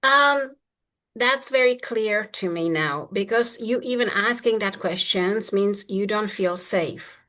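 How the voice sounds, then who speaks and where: A confident, playful manifestation coach chats casually, laughing often. Her voice is medium in pitch with a sharp tone, and she speaks slowly.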